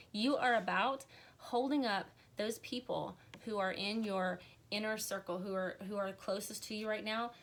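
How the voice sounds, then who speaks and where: A woman giving an earnest, encouraging tarot reading on a live stream, on the verge of tears at times. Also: medium pitch. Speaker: tarot reader.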